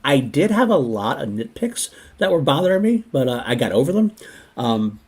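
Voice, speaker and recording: A man hosting a casual podcast chat, talking in an animated, rambling way with many restarts. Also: medium pitch, normal speed, breathy edge. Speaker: podcast host.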